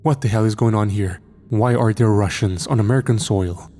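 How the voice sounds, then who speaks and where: A man voicing a gruff American special forces soldier who barks orders. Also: on the low side, normal speed, warm tone, natural voice. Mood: commanding. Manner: barking orders.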